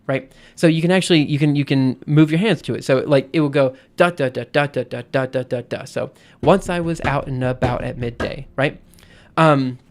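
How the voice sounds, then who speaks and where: A man with a slightly high voice live-streams in casual chat, rambling and interrupting himself, often checking in with "right?" between thoughts.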